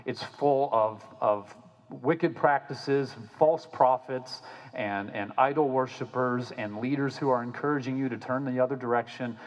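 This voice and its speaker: A man preaching a sermon as pastor, animated and casual, often repeating words when he restarts a phrase. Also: medium pitch, unhurried, long reverb tail, highs cut off.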